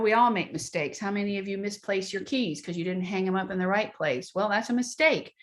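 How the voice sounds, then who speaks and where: A middle-aged woman talks through parenting advice in a relaxed, conversational way. She slips into quick acted-out snippets of dialogue, and her voice sits at an ordinary medium pitch. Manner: conversational, acts out quoted dialogue. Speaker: parenting speaker. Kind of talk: motivational talk to an audience.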